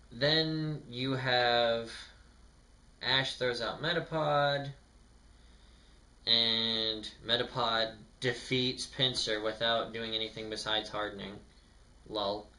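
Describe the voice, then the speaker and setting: A man's voice: medium pitch, sharp tone. A young man casually reviewing a cartoon episode, rambling and sarcastic, with lots of filler words. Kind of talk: casual commentary.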